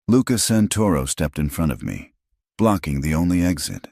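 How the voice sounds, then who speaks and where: A man narrating a first-person story as an audiobook reader, with steady, dramatic storytelling. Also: low-pitched, moderate pace, gravelly, no echo, clean studio sound.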